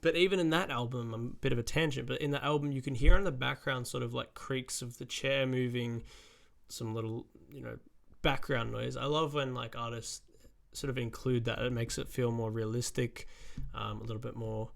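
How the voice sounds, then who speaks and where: An Australian man hosting a music reaction, talking loosely with a gravelly, fry-edged voice. He rambles and swears freely, filling gaps with "like" and "um". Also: medium pitch, fairly even intonation, normal speed. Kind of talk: casual reaction commentary.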